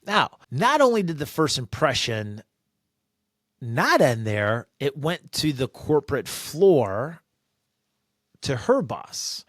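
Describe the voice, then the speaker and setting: A man sharing a workplace story as a podcast guest, animated and acting out quoted voices. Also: mid-range voice, slow, no room sound, clean studio sound. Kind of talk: personal storytelling.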